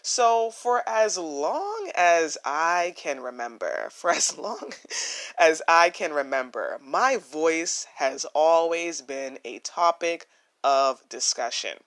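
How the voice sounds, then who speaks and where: A young woman with a naturally low voice, hosting a solo podcast, earnest and reflective, often repeating her phrases for emphasis. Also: big pitch swings, slow pace, a bit bright. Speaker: podcast host.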